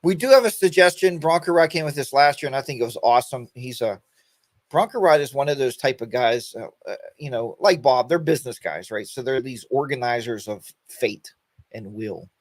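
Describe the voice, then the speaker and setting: A man's voice: mid-range voice, animated, brisk, no echo. Rambling folksy man in his fifties, dry sound. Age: 50s. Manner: rambling, folksy, addresses viewers by name. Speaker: host of a weekend motorcycle chat stream. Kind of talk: casual livestream chat.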